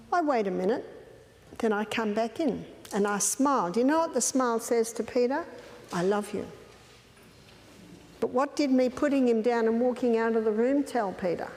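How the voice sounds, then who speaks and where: A woman's voice: on the high side, a little mellow. A woman giving a lecture on raising children, telling personal stories in a direct, firm way. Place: lecture hall. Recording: echoey hall, faint background noise.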